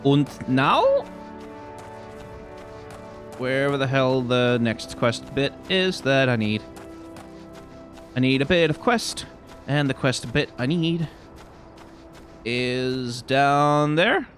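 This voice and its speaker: A man's voice: mid-range voice, big pitch swings, slow pace, long pauses, soft background music. A man hosting a let's play, rambling playfully and mocking himself while he plays. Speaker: gaming channel host.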